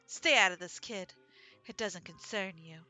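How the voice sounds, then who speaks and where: A woman voicing a tough, bitter female biker who speaks bluntly and gruffly. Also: medium pitch, measured pace, bright, forceful tone, soft background music, voice pushed down. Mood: dismissive.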